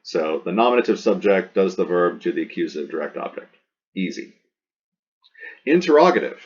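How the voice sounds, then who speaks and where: Deep-voiced patient Latin teacher, lo-fi. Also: male voice, big pitch swings, brisk, darkish tone. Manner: patient, explanatory, repeats key words, stresses words for emphasis. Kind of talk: recorded classroom lecture.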